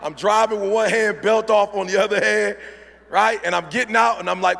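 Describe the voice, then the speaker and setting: A middle-aged man drives home his motivational speech in a punchy, preacherly way, checking in with the crowd. His voice sits high and rough with a gravelly fry. It is heard through a stage microphone with the long reverb of a big event hall. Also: steady tone, a little fast, fairly bright tone. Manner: preacherly, punchy call-and-response. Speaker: motivational speaker.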